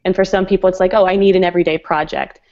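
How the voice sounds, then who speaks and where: A woman's voice: lowish voice, steady tone, racing, darkish tone, dull audio. A woman guest in a casual interview chat, talking in a chatty way with frequent laughs and fillers. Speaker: guest designer.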